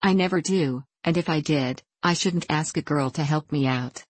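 A woman's voice: low voice, moderate pace, husky, dry recording. A woman doing a smug teasing boy. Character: mischievous teasing boy, cocky and bossy.

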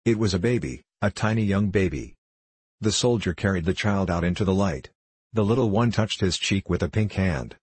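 A man narrating a storybook in a steady, solemn reading manner. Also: low-pitched, moderate pace, breathy edge, dry recording.

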